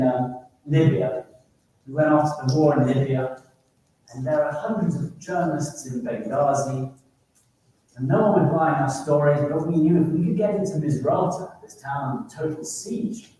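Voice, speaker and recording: A man tells vivid stories to a summit audience, his voice a touch high for a man. He laughs his way through the anecdotes. The sound carries through a very echoey hall from a mic set well back. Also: a little mellow, distant mic, slight background noise. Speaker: keynote speaker, war correspondent. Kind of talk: storytelling talk to an audience. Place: conference room at a business summit.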